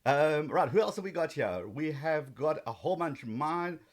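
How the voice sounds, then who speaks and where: A man hosts a casual live training stream with a slightly higher-pitched voice. He talks in a chatty, easygoing way, greets viewers one by one, and fills his pauses with ums. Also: animated. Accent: South African.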